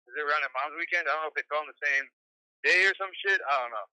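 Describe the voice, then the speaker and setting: Young man, rapid profane storytelling, very bright forceful voice, tinny phone sound. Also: a little high, smooth, no room sound. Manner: rambling, profane, animated quoting of others. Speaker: caller telling a story.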